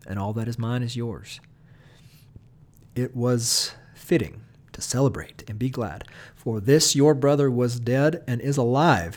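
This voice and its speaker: A man, a pastor, talking through a Bible passage in a relaxed, conversational way, often checking in with "right?". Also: medium pitch. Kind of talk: Bible study talk.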